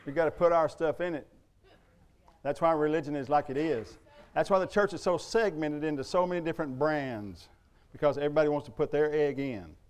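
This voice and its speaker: A man's voice: fairly high pitch, fairly quick. A middle-aged man preaching a sermon in a church, emphatic and conversational, full of rhetorical questions. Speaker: pastor.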